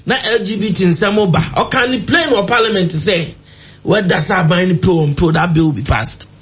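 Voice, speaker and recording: A man with a Ghanaian accent holds forth in a heated talk-show debate, his voice sitting unusually high for a man. He argues emphatically and presses his points hard. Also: moderate pace. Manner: emphatic, argumentative, mixing languages. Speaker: political commentator.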